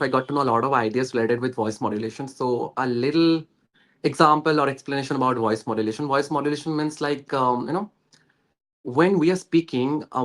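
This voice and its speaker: This guest, a young man from West Bengal, has a medium-pitched, fairly bright voice and an Indian English accent. His talk is casual and earnest as he describes how he learned, full of hesitations and filler words.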